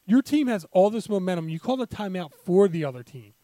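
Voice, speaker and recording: A man co-hosting a casual sports chat, animated and profane, who acts out people loudly. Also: sits high, a little fast, no echo. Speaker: podcast co-host.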